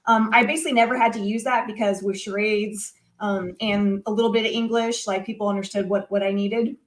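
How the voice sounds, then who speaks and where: A young adult woman telling a story as an interview guest, casual and animated, with many fillers. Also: mid-range voice, brisk. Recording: echoey room.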